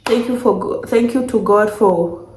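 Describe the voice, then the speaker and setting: A woman's voice: medium pitch, measured pace, darkish tone. A young woman, vlogging as she unboxes gifts, gushing and repeating herself emotionally. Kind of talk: casual vlog, unboxing gifts. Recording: echoey room, faint noise.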